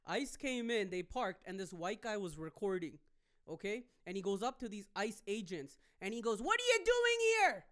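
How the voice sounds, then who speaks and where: A man from Canada, a stand-up comedian hosting a podcast, telling a story in a rambling, animated way. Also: sits high, moderate pace. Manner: rambling, animated, with many fillers.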